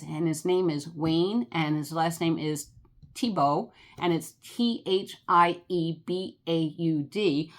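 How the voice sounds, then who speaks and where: An older woman with a New Jersey accent, chatting casually and rambling about travel, with lots of fillers and laughs. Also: on the low side. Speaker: travel vlogger.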